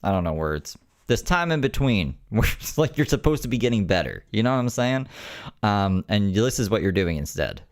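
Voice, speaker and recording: A man's voice: on the low side, big pitch swings, moderate pace. A man hosting a reaction video, giving casual commentary with sarcastic, wry asides.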